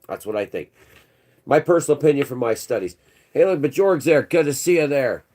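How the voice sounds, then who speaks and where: A man's voice: mid-range voice, animated, fairly quick, darkish tone. Rambling man ranting to his viewers. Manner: rambling, conspiratorial, keeps calling viewers "bro". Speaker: channel host. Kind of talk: rambling livestream commentary. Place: indoors.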